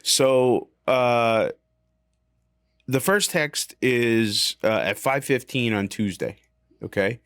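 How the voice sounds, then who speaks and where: A man's voice: mid-range voice, lively intonation, slow pace, a bit bright, smooth, no room sound. A man co-hosting a podcast, telling a story in casual chat, full of fillers and swearing, and acting out the lines he quotes. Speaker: podcast co-host.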